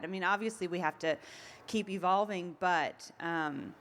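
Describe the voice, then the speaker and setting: A woman's voice: on the low side, normal speed, fairly bright tone. A woman being interviewed, telling stories in a chatty way with frequent ums and laughs. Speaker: event organizer. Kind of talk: casual interview.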